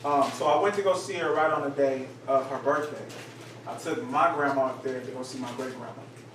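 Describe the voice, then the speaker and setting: A man tells a story to a small group in a bright, animated voice, and his quoted lines jump up. He sounds distant, with heavy room echo. A steady background noise runs under him. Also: mid-range voice, fairly quick. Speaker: teacher leading a group study. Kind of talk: casual group teaching. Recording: echoey room from far off, noisy.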